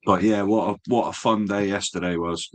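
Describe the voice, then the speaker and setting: Laid-back swearing man, lowish voice. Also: steady tone, normal speed. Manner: laid-back, swears freely, says mate often. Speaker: stream host. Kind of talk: casual chat.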